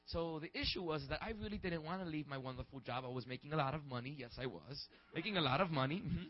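A young male pastor preaches with a fairly high voice, talking casually and rambling before building into shouted emphasis. The recording is dull and muffled, like lo-fi church audio. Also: lively intonation, fast. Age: 20s. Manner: conversational, rambling, rising to shouts. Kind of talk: sermon.

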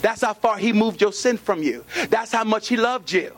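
A man's voice: high-pitched, expressive, moderate pace, fairly bright tone. A male pastor preaching a sermon in an emphatic, repetitive call-and-response style, with features.

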